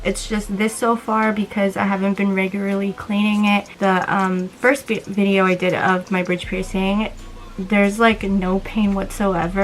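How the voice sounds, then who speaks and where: A woman's voice: mid-range voice, rough recording. A young woman-voiced vlogger in their twenties talks with a slight lisp, rambling along in loose, casual chat. The delivery wanders from point to point with easy swearing thrown in. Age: 20s.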